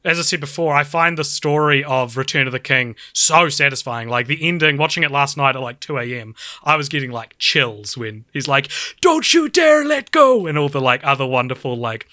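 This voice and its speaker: A man co-hosting a podcast in casual film chat, excitable and laughing, with lots of "like" fillers. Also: medium pitch, fairly quick, hardly any pauses, dry recording, studio quality. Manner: excitable, laughing, heavy use of "like". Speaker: podcast co-host.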